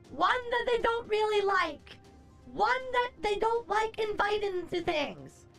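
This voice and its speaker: A woman with a very high, gravelly voice hosts a live stream, chatting with viewers in a brash, profane and theatrical way. Music plays faintly behind her. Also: fairly bright tone. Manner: theatrical, playful.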